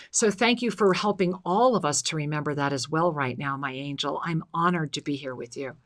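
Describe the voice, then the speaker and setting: A woman's voice: low voice, brisk, hardly any pauses. A woman hosting a live spiritual call-in show, speaking in an effusive, blessing-filled way and calling listeners endearing names.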